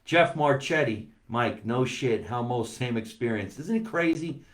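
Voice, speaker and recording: A male comedian talks casually on a live stream in a mid-pitched voice. His delivery is chatty and animated, and he greets viewers as he reads their comments. The room gives his voice a noticeable echo. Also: unhurried. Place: home basement.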